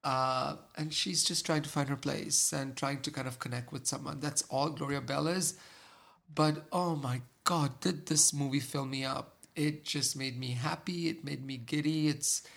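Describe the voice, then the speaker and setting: A man's voice: medium pitch, fairly even intonation, moderate pace, gravelly, fairly bright tone. A man co-hosting a film podcast, reviewing movies in an enthusiastic, rambling way with many fillers. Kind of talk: casual film review chat.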